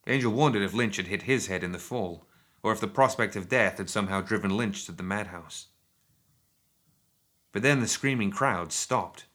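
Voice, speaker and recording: Reading an action story aloud for an audiobook, a man in a lowish voice delivers the scripted narration steadily and at a measured pace.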